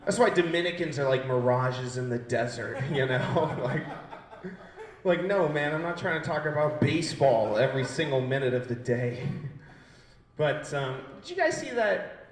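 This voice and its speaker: A man's voice: mid-range voice, lively intonation, normal speed, roomy sound. A man in his twenties doing a brash, profane stand-up set and riffing with the crowd. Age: 20s. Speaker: stand-up comedian. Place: gallery space used as a comedy stage.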